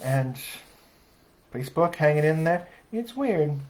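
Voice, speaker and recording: A man's voice: on the high side, lively intonation, measured pace, poor audio. A man chatting wryly and self-deprecatingly on a livestream between accordion songs. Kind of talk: casual stage patter and sung comic tango. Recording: loud accordion music behind.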